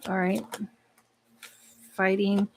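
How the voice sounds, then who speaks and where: A woman's voice: mid-range voice, level tone, very slow, vocal fry, a little hiss or hum. Blunt, swearing woman reading tarot cards. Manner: blunt, profane, talks to the cards and to herself. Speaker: tarot card reader. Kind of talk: live tarot reading, casual chat.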